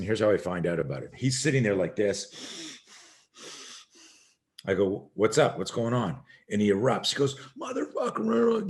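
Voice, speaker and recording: A middle-aged man, a self-defense instructor, telling an animated story as a podcast guest and acting out the voices of the people in it. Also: fairly low pitch. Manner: acts out quoted voices, swearing, emphatic.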